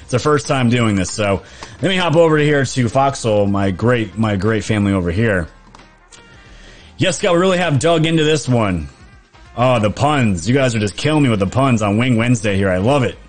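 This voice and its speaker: A man's voice: medium pitch, lively intonation, fairly quick, soft background music. Chatty New man live-streaming. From New York. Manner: chatty, laughs often, fillers and restarts. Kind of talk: casual live-stream chat reading viewer comments.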